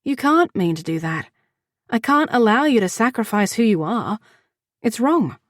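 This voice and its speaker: A woman's voice: a little high, very animated, moderate pace, dry recording, studio quality, voice pushed up. A woman voicing a young, anxious and loving royal woman, speaking in a heartfelt, pleading way. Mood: distressed.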